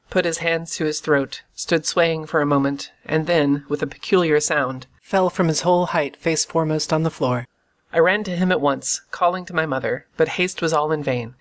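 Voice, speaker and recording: An audiobook reader narrating a classic adventure novel in a steady, measured storytelling voice. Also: mid-range voice.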